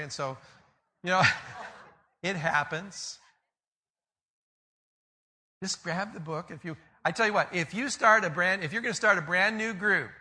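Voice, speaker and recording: A man with a high, very bright voice delivers a relaxed, conversational sermon. He retells stories in other people's words and drops joking asides to the congregation. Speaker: pastor.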